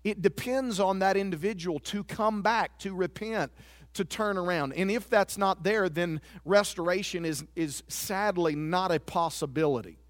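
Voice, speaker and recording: Male pastor, high voice, earnest confessional sermon delivery, dry close recording. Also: normal speed, no room sound. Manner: earnest, confessional preaching with repeated words.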